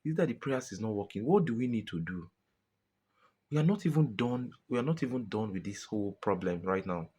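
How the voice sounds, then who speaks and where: A man's voice: on the low side, lively intonation, brisk, warm tone, breathy edge. A Nigerian man venting in a frustrated personal monologue to his viewers, exasperated and pleading, often repeating himself. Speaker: vlogger.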